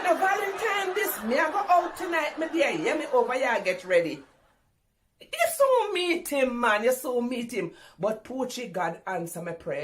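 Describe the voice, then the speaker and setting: A middle-aged woman with a Jamaican accent delivers a comic monologue in patois. She talks in a theatrical, exclaiming way, her voice sitting a little high. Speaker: comedy performer.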